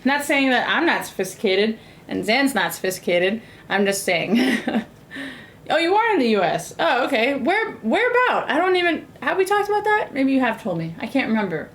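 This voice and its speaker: This is a casual live-stream from a young woman in the United States who cooks while talking to her viewers in a sassy, rambling way full of fillers. Her high voice is sing-song and a bit bright, at a normal speed, with slight background noise.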